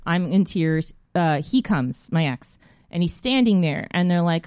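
Young woman host, lively laughing storyteller, dry close sound. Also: on the low side, moderate pace, clean tone, no room sound. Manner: animated, laughing storyteller who acts out quotes. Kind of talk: casual chat, storytelling.

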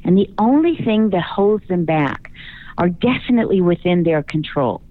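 A woman's voice: lowish voice, animated, moderate pace, no echo. Confident woman coaching over a phone line. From Chicago, US. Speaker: guest, speaking coach. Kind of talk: radio interview.

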